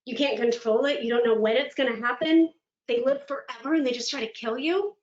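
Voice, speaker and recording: A woman motivational speaker giving a virtual keynote, telling stories in an animated, dramatic way. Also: on the high side, a little fast. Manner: animated, dramatic storytelling with laughs. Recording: echoey room, dull lo-fi sound.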